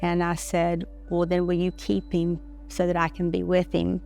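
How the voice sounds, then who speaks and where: Low, gravelly middle-aged woman, halting. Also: monotone, a little mellow. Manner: halting, many pauses and restarts. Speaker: interview guest. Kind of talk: personal story in an interview. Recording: music playing underneath.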